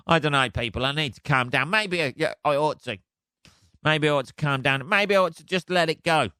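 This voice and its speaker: A man hosts his own podcast, ranting and swearing in a casual, exasperated way. His voice sits fairly high for a man. It sounds dry and close, with no room echo. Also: expressive, normal speed, pushed and bright, smooth. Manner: sweary, exasperated, laughs at himself. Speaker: podcast host. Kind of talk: casual solo rant.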